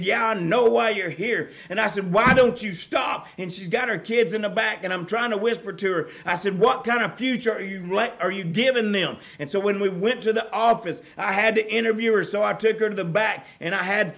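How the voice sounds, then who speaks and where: A middle-aged pastor from preaching a sermon, moving from quiet storytelling to loud, urgent appeals. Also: male voice, sits high, fairly quick, creaky, few pauses.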